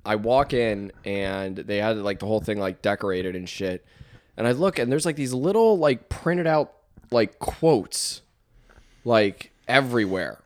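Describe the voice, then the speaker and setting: A man's voice: on the low side, expressive, measured pace. A man in casual chat, laid-back and profane, telling stories with many fillers. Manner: laid-back, says dude a lot, profane.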